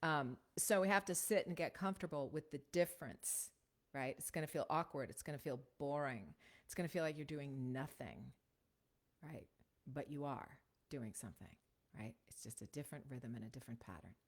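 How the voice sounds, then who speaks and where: A woman teaching voiceover technique in a casual, conversational way, often checking in with a quick "right?". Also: a bass voice, animated. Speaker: voiceover coach.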